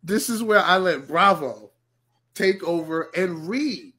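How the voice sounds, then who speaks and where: A man co-hosting a casual podcast, animated and talking in quick bursts. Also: sits high, slightly rough. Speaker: podcast co-host.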